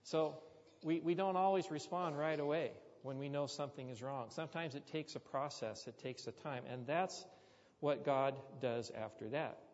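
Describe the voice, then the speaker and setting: A man with a slightly high voice preaches at a moderate pace, telling a story broken up by chatty, joking asides to the congregation. The recording sounds dull, with a long hall reverb.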